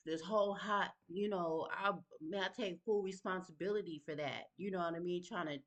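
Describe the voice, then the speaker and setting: A middle-aged woman telling a personal story in a lively, slangy way, often checking in with the listener. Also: on the low side, moderate pace. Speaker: vlogger sharing her story.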